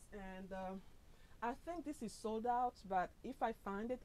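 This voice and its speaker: A woman hosting a casual fashion try-on vlog, chatty and upbeat, pushing her usually soft voice louder and recorded on the camera mic because her lapel mic is missing. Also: mid-range voice, a little hiss or hum, rough recording. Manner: chatty and upbeat, full of fillers and "sis". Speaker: fashion vlogger.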